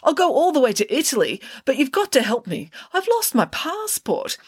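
A woman's voice: sits high, wildly swooping pitch, normal speed, voice pushed up. A woman voicing an anxious, self-absorbed teenage schoolboy in a storybook reading, pleading and melodramatic.

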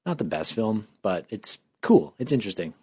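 Low, husky man giving an offhand take. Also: very animated, moderate pace, dark tone, dry recording. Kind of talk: casual movie review chat.

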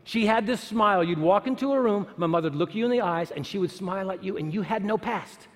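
A man with a high, ringing voice speaks in a sermon-like way. He asks the listeners rhetorical questions and repeats lines for emphasis. A long reverb trails his voice through the large hall. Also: fast talker. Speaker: speaker at a church or university gathering. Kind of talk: sermon-like talk.

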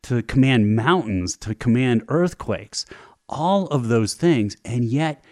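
A male podcast host giving a faith-based talk, retelling a story in a lively storytelling manner. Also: mid-range voice, slow, no room sound, clean studio sound. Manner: animated storyteller, vivid retelling.

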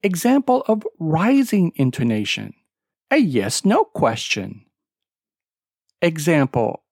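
An English pronunciation teacher hosting a podcast lesson, explaining slowly and deliberately with emphatic word stress and spelling out web addresses letter by letter. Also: medium pitch, huge pitch swings, darkish tone, dry recording, studio quality.

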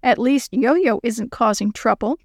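A woman's voice: fairly high pitch, a little slow, dry recording, studio quality. A woman voicing a flustered girl babysitting unruly children, earnest and exasperated.

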